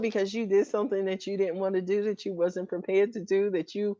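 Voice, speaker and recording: A woman doing a live-stream tarot reading, sassy and animated and laughing often. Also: mid-range voice, brisk, hardly any pauses, dry recording, dull audio. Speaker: tarot reader.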